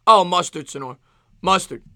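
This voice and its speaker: A man with a New York accent streaming live play-by-play football commentary, excitable, with rhyming calls and thanks to chat viewers. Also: sits high, normal speed, no room sound, studio quality. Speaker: sports streamer.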